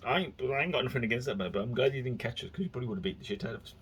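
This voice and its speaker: A man's voice: mid-range voice, animated, rapid-fire, a little hiss or hum. A man talking in a casual solo monologue, rambling and chatty with frequent restarts as he tells stories. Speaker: vlogger.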